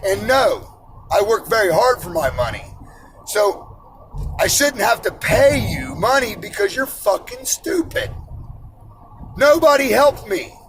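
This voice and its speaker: A man's voice: high voice, big pitch swings, measured pace, long pauses, fairly bright tone, a little hiss or hum, low-quality recording. A man in his forties who works in iron, ranting bluntly and profanely about money and personal responsibility. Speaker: iron worker ranting on camera.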